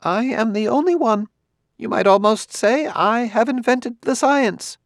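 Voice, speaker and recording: A man voicing a nervous, fastidious older sociologist in an audiobook, speaking in a high, trembling, uneasy way. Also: dry recording, studio quality. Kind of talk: audiobook character voice.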